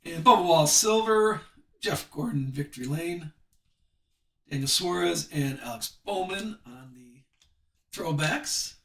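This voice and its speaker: Chatty guy running a card break stream, fairly high bright voice, echoey room, drifts off mic. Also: animated, far from the mic. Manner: chatty, reads card names off quickly. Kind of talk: live card break commentary.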